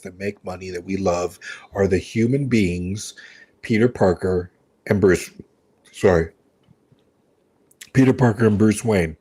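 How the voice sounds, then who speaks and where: Male stream host; casual, animated, profane film chat. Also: fairly low pitch, husky. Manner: animated and profane, acts out dialogue. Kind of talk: casual watch-party commentary.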